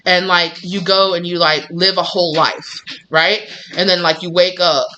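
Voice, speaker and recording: A woman tarot reader sharing a casual spiritual message, chatty and animated, full of "like" and "you know". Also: on the low side, moderate pace, lo-fi sound, slight background noise.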